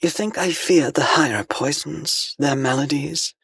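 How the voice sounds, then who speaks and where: A man's voice: a little high, unhurried, vocal fry, a bit bright, breathy edge, dry recording, voice pushed up, full character voice. A man putting on a serene fanatical alien priestess. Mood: serene menace. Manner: solemn, ritual pronouncements. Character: serene fanatical alien woman emissary, blindfolded.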